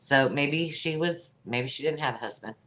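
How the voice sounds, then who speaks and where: Very low-voiced, chatty woman hosting a sale. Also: normal speed, fairly bright tone, a little hiss or hum. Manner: chatty, jokey, laughs at her own remarks. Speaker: live sale host. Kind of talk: live-stream sales chat.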